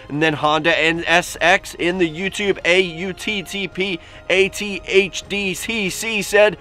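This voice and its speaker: A man hosting a casual vlog, reading comments aloud with animated, sarcastic asides. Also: high voice, a little slow, hardly any pauses. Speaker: YouTube host. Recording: faint music behind.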